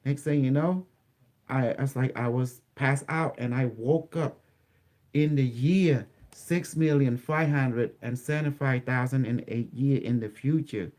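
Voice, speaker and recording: Halting man telling his story, English. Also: medium pitch, a little mellow. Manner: halting, repetitive storytelling with many restarts. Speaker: interview guest. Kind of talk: recounting a personal experience in an interview.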